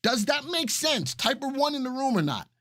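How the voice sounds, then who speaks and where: A man hosting a live stock analysis webinar, excited and repeating phrases for emphasis while he talks to chat viewers. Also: very high voice, normal speed, dry recording, studio quality. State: excited and sweating. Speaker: stock market webinar host.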